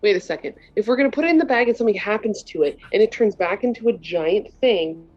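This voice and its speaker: A woman playing in a tabletop role-playing game, excitable and quick to laugh. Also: mid-range voice. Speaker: player. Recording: dull lo-fi mic.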